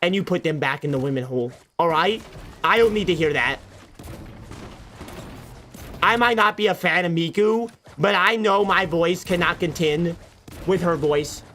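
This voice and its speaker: A man's voice: high-pitched, moderate pace, long pauses, sharp tone, slight background noise. A man streaming a game, chatting casually with goofy, self-mocking banter. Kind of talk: casual gameplay commentary.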